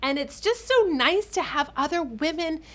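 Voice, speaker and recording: A woman's voice: high-pitched, animated, normal speed. A woman vlogger telling personal stories to camera in a casual, emotional way, full of fillers and restarts. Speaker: vlogger and author.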